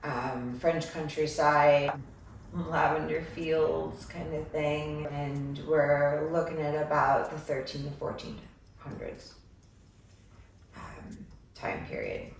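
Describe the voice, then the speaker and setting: A woman giving a psychic reading, talking in a meandering way with many filler ums. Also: deep voice. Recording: echoey room, far from mic, faint noise.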